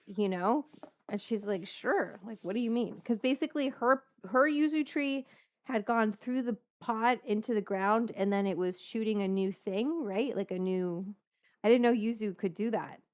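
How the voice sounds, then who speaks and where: A woman hosts a casual cooking vlog, talking to viewers as she works. She rambles from one story to the next, breaking off and restarting her sentences. Her pitch sits in the middle of the range. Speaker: cooking show host.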